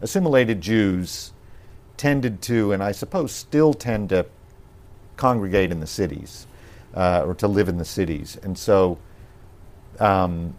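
A man with a fairly low voice is interviewed as a guest. He speaks in a measured, reflective way, stopping often to pick his words with ums and restarts. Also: darkish tone. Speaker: actor being interviewed. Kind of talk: podcast interview.

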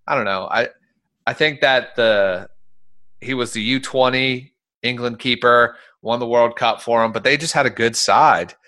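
A man's voice: medium pitch, measured pace, sharp tone. A man hosting a casual sports podcast, talking in a loose, opinionated way with fillers. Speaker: podcast host.

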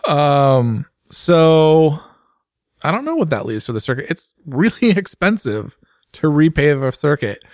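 A man, a motorsport journalist, chatting casually on a podcast and telling rambling, animated stories full of fillers. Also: fairly high pitch, a little slow, no echo, studio quality.

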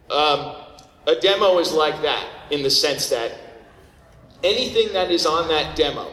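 A fairly high-voiced man talks casually and bluntly at a convention panel. He keeps asking the audience if they follow. His voice rings through an echoey hall with a long tail of reverb. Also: fairly bright tone. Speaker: voice actor giving audition advice.

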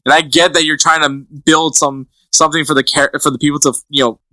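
A man's voice: on the high side, fairly even intonation, fairly quick, sharp tone, no room sound. A young man co-hosting a podcast in casual chat, teasing and full of fillers as he reads out lists. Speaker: podcast co-host.

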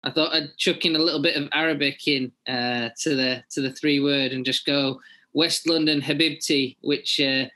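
A man's voice: fairly high pitch, fairly even intonation, normal speed, bright, forceful tone. A man on a podcast panel, chatty and self-deprecating in casual talk. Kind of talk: casual chat.

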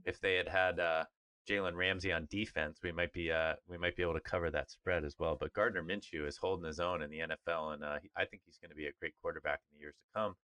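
A man's voice: sits low, steady tone, fast, sharp tone. A man co-hosting a podcast, chatting casually about sports in an upbeat, rambling way with fillers. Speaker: podcast co-host.

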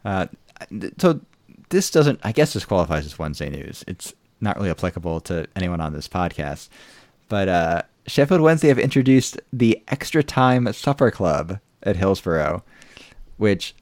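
A man's voice: sits low, sing-song, normal speed, darkish tone, no room sound. A man hosting a casual podcast, rambling with many fillers such as "you know". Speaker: podcast host. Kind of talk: casual chat.

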